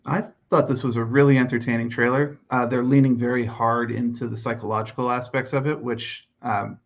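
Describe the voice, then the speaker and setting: A man co-hosting a podcast, speaking in a measured, knowledgeable, dry way. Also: mid-range voice, flat delivery. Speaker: podcast co-host. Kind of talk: casual chat. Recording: muffled lo-fi mic.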